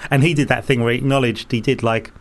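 A man chatting casually as a podcast co-host, throwing in quick questions and reactions. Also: mid-range voice, fairly even intonation. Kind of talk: casual chat.

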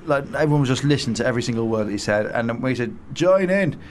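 A man's voice: medium pitch, racing, a little hiss or hum. A man chatting as a radio guest, rambling and enthusiastic, with lots of hesitations and restarts. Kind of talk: casual radio chat. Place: radio studio.

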